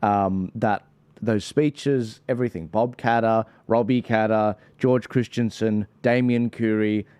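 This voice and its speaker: A man's voice: on the low side, steady tone, measured pace, darkish tone, clear, resonant tone, no echo. An Australian man hosting a livestream, chatting casually in an upbeat, promotional way. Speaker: livestream host.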